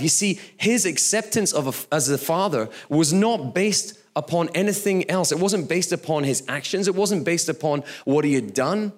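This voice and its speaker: A man's voice: a little high, normal speed. A man in his thirties, a pastor preaching a sermon in a conversational, storytelling way with occasional laughs.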